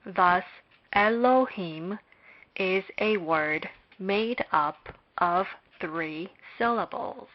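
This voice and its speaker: Female lecturer, extremely slow and measured, dull lo-fi sound, mid-pitched voice. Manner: measured, deliberate delivery with long pauses. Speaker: Hebrew lecturer. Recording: dull lo-fi recording.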